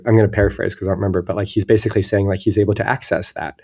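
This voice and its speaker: A man's voice: lowish voice, level tone, racing, hardly any pauses, a little mellow. A man speaking as a guest in an interview, thoughtful and searching, often restarting his sentences. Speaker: guest illustrator. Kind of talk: reflective interview talk.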